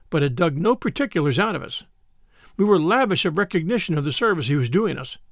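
A man reading a classic novel aloud in measured storytelling narration. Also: sits high, vocal fry, no room sound, studio quality. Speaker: audiobook narrator. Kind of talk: scripted narration.

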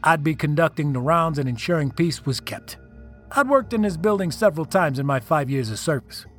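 A man narrates a scripted first-person horror story in a slightly raised voice. He builds drama and leans into the tense beats. Soft music plays quietly behind him. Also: on the high side, fairly quick.

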